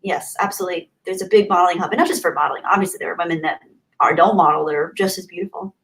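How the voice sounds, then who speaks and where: At home in Southern California, a woman hosts a casual livestream, chatting and laughing while reading viewer comments aloud. Her fairly low, slightly bright voice moves very fast.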